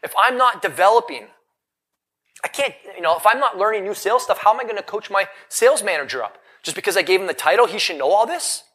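Male motivational speaker, thirties, live seminar, bright voice pitched a little high, punchy questions to the crowd. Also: fast, breathy edge. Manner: energetic, rhetorical questions to the audience. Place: event hall in front of a live audience.

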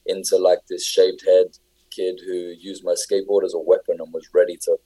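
A man's voice: deep voice, little pitch movement, brisk, mellow, husky, low-quality recording. A young English man chatting casually, telling stories with lots of fillers and restarts. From England. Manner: rambling, filler-heavy storytelling. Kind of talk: casual chat.

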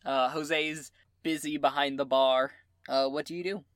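A young adult game master narrating a tabletop role-playing game in a relaxed way, often pausing on "uh". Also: medium pitch, no room sound. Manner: relaxed, with frequent "uh" fillers.

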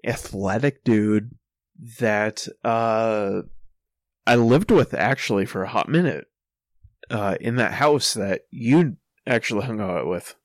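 A young man casually telling a profane anecdote, breaking into loud quoted calls and laughing as he goes. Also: on the low side, takes it slowly, dry recording. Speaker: storyteller. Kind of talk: casual podcast storytelling.

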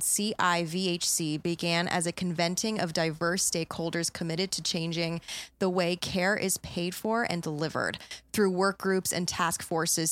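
A young woman co-hosts a casual podcast, blunt and quick to swear. Her voice is fairly low for a woman and is recorded close and dry. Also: a bit bright, dry recording. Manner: blunt and profane, stumbles when reading aloud. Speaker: podcast co-host.

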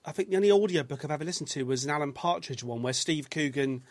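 A man's voice: fairly high pitch, fast, no room sound. An English man hosting a podcast in casual, rambling chat, often stopping and restarting his sentences. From England. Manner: chatty, rambling, self-interrupting. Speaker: podcast host.

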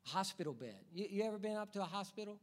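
A pastor preaches to his congregation in a high, animated, fast voice. He builds his points with rhythmic repetition and puts rhetorical questions to the listeners.

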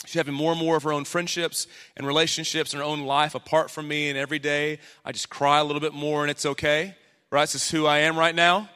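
A man in his thirties preaching a sermon as pastor, animated, acting out the voices he quotes. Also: fairly high pitch. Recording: long hall reverb.

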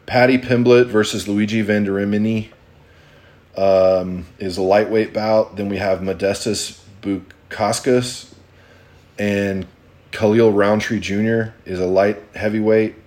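Low-voiced man chatting on a podcast. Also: fairly even intonation, a little slow, darkish tone. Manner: rambling, lots of ums and restarts. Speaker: podcast co-host. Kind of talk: casual podcast chat.

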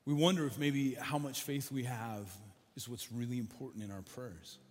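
A man's voice: mid-range voice, fairly even intonation, moderate pace. A man preaching as a pastor, leading his church in prayer with earnest, building repetition. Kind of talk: sermon and prayer. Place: large church with balcony. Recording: long church reverb with music.

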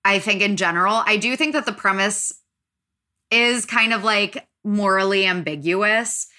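A young woman hosting a casual podcast chat, her voice bright and forward. She rambles along with plenty of "like"s and animated little asides. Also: medium pitch, measured pace. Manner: chatty, filler-heavy, animated. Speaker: podcast host.

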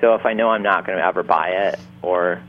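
A man from Upstate New York talks shop as an interview guest, easygoing and full of "like" and restarts. His voice sits a little low, and it comes through a thin, phone-like line. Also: steady tone, a little fast. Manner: laid-back, many "like" fillers and restarts. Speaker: winemaker guest. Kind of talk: casual interview chat.

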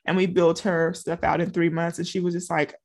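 Gravelly-voiced chatty woman coach. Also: fairly low pitch, flat delivery, fairly quick, a little mellow. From small-town Louisiana. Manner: chatty, talks straight to listeners with frequent asides. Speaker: business coach. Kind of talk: casual motivational talk.

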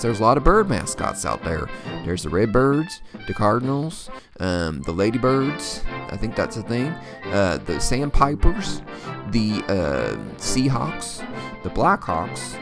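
A man voicing a clueless male sports reporter who rambles hesitantly. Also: mid-range voice. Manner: hesitant, full of uhs.

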